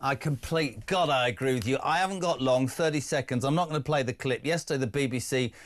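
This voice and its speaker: A middle-aged man hosts a live radio phone-in, his voice sitting at an ordinary middle pitch. He talks in a forceful, emphatic way and drives each point home. It has the sound of a radio studio. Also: fast. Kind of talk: opinionated live radio talk.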